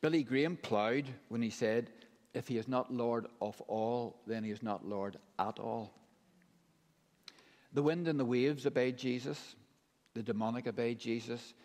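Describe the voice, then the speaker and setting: A man delivers a sermon at a middle pitch, slow and emphatic, pausing between phrases. His voice carries a long reverb, as if it fills a large church hall. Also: darkish tone. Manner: measured, emphatic preaching with deliberate pauses. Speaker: preacher.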